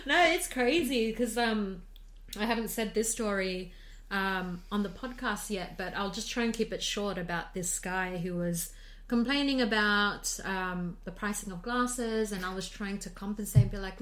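A woman hosting a podcast, talking frankly in a relaxed, casual way with some swearing. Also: mid-range voice, moderate pace. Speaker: podcast host. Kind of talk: casual chat.

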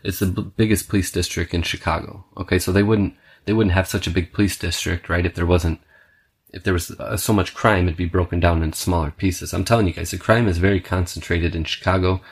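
Low-voiced profane storytelling man. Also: fairly even intonation, fairly quick, slightly rough. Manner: profane, rambling, punctuates with "okay"; restless, self-described scatterbrained. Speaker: podcast host. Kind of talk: casual storytelling monologue.

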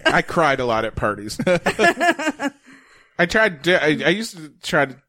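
Male comic guest, higher pitch, lively, self-deprecating joker. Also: measured pace. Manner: joking, self-mocking. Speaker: comedian guest. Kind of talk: casual chat.

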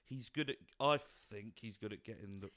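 A man guesting on a podcast, chatting casually and cracking quick jokes. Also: lowish voice, a bit bright. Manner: joking, quick quips. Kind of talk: casual chat.

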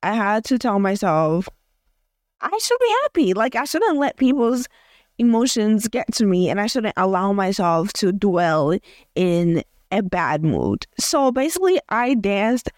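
A woman's voice: mid-range voice, big pitch swings, measured pace, no room sound. Young woman, from Africa, casual podcast rant, rambling, filler-heavy, dry close mic. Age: young adult. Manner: chatty, rambling, many fillers and restarts. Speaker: podcast host. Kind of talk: casual audio journal rant.

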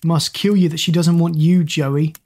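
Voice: medium pitch, little pitch movement, moderate pace, a little mellow, lightly acted. A reader voicing Ben, a taunting teenage bully. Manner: taunting and mocking. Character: sneering teenage boy bully.

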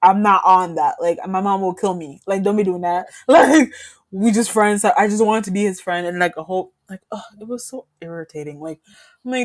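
A young woman co-hosting a podcast, telling a school story in a casual, animated way and laughing as she acts out what people said. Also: mid-range voice, a little fast. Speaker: podcast co-host.

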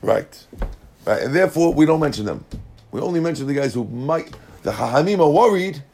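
Animated man teaching a Talmud class. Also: a little high, brisk, faint music behind. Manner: animated, checks in with listeners; mixes Hebrew and Aramaic terms into English. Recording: class recording.

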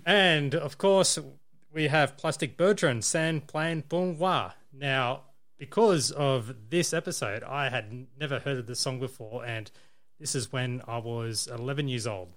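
A man co-hosting a casual podcast chat, jokey and quick to laugh. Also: mid-range voice, fairly bright tone. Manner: jokey, chatty, laughs often. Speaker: podcast co-host.

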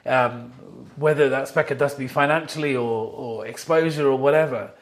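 A man's voice: mid-range voice, normal speed. A middle-aged man, a watch company founder, chatting as a podcast guest in an office and acting out the lines he quotes. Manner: animated storyteller, acts out quoted lines. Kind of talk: casual chat.

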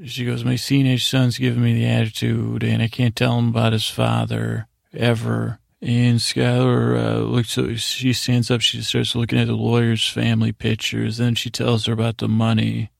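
A man hosting a bedtime podcast, rambling through a TV episode recap in a low-key, filler-heavy way. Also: normal speed, gravelly, few pauses, no room sound, clean studio sound. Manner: rambling, monotone retelling with lots of fillers. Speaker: podcast host.

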